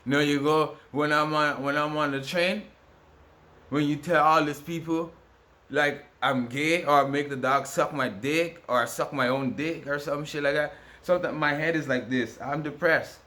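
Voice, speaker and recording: Ranting to camera in a casual monologue, an aggrieved man rambles and repeats himself with many restarts. His voice is a little high and sharp with a steady tone, and he speaks a little slowly.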